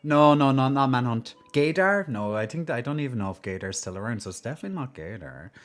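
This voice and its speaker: A man with a medium-pitched, sing-song voice talks quickly and playfully to his live-stream viewers, full of fillers and restarts. When he plays up sad news, he slips into a mock-solemn tone.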